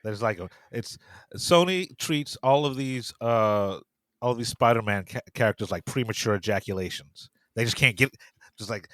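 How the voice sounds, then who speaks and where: A man co-hosting a casual film podcast, relaxed and agreeable, swearing and tripping over his words. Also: medium pitch, moderate pace, dry recording. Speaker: podcast co-host.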